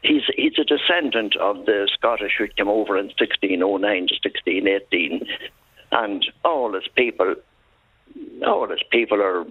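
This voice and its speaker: A man's voice: lowish voice, expressive, moderate pace, husky, no room sound. A male caller on a radio phone-in, telling stories in an emphatic, chatty way. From Ireland. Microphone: telephone. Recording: tinny phone line.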